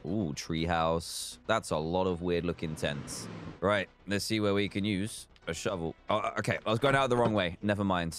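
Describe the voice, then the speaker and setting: A young British man giving joking, animated commentary while playing a video game. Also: low-pitched, moderate pace, a little hiss or hum. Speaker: gaming video host. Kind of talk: let's play commentary.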